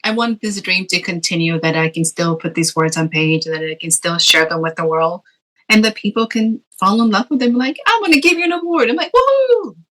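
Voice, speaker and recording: A woman's voice: lowish voice, brisk, rough recording. A middle-aged woman from Texas, a guest author, telling personal stories in an interview and acting out what people said. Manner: expressive storyteller, acts out quoted voices. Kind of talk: conversational interview.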